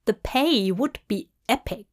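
A woman narrating a fanfic in a slow, measured reading. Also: a little high, animated. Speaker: fanfic reader. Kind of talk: scripted narration.

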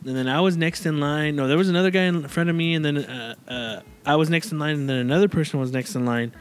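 A man's voice: fairly high pitch, fast talker, smooth. A man hosting a casual chat, telling a long story in a rambling way, with many fillers and restarts. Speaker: podcast host.

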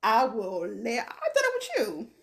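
Animated teasing woman. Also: fairly high pitch, normal speed, gravelly. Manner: animated, teasing, drawls for emphasis. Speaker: podcast co-host. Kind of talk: casual chat.

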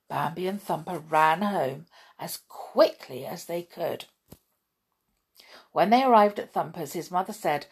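A woman reading a children's story aloud in a gentle, chatty way, asking the listener questions. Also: on the low side, unhurried, breathy edge.

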